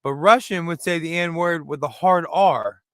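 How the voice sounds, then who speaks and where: Bright-voiced rambling comedian, high and crisp. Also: male voice, unhurried, dry recording, studio quality. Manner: rambling, self-deprecating, restarts a lot. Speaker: stand-up comedian and host. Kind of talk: casual stand-up monologue. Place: room in front of a brick wall.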